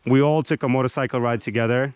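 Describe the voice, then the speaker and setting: A man's voice: mid-range voice, steady tone, fast talker, no room sound. A man hosting a casual camping vlog in a forest, teasing his friends and talking in a rambling, joking way. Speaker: vlogger. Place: outdoors in a forest campsite.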